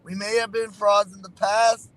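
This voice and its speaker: A man's voice: high-pitched, flat delivery, normal speed, fairly bright tone, slight background noise, rough recording. A man calling a sports podcast from his car, playful, folksy and emphatic. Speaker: caller. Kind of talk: casual sports call-in chat.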